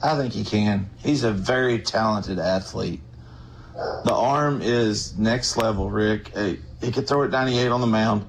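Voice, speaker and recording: A man's voice: fairly low pitch, a little slow, gravelly, rough recording. Guy breaking down baseball on sports radio, confident and rambling, faint room hiss. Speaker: guest baseball analyst. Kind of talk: casual sports talk.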